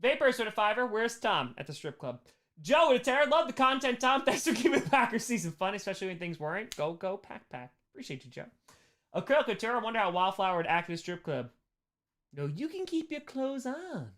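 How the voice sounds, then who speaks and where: A man's voice: sits high, very animated, fast, fairly bright tone. A man hosting a livestream, casually reading viewer messages aloud, joking and laughing often. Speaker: livestream host.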